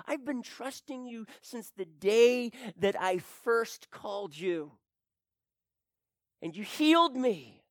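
A man performing a dramatic first-person monologue, swinging between hushed whispers and anguished cries. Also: very high voice, lively intonation, takes it slowly, no echo, clean studio sound. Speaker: storyteller.

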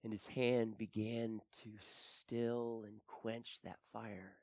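Slow, dramatic man telling a sorrowful tale. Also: fairly low pitch, little pitch movement, vocal fry, no echo. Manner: swings between hushed whispers and anguished cries. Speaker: storyteller. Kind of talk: dramatic first-person monologue.

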